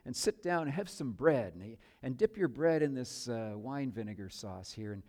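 A man voicing a kindly, generous landowner who speaks in a warm, eager, coaxing way. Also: mid-range voice, expressive, normal speed, lightly acted.

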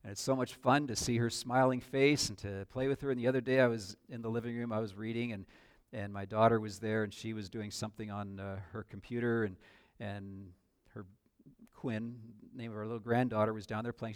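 An older man preaching a sermon as a pastor, earnest, with sudden swells and drops in loudness. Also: lowish voice, fairly even intonation, a little fast, no echo, clean studio sound.

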